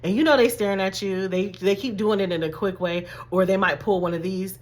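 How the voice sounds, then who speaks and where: A woman life coach giving a chatty, animated motivational talk to camera, calling her viewers y'all and baby. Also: medium pitch, brisk.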